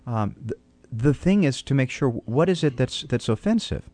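A man's voice: medium pitch, expressive, moderate pace, darkish tone, no echo. A man, a pastor on a call-in radio talk show, answering questions in an earnest, preacherly way and often repeating words as he starts a thought.

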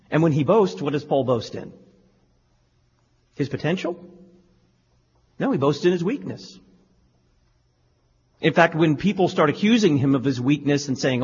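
A man's voice: fairly high pitch, expressive, measured pace, long pauses, slightly rough. A male radio talk show host giving pointed, lecturing religious commentary. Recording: lo-fi studio with reverb.

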